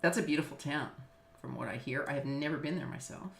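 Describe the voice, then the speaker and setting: This Los Angeles woman, middle-aged and a business law teacher, speaks casually over a video call with plenty of fillers and ready laughs. Her voice sits low and creaky and moves at a quick pace. There's an echoey room and slight background noise.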